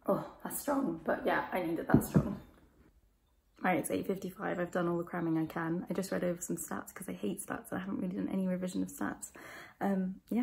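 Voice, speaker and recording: A woman's voice: fairly low pitch, flat delivery, brisk, gravelly, very noisy. A young woman, chatting casually in a home vlog, rambling and self-deprecating as she talks from her bedroom. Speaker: vlogger.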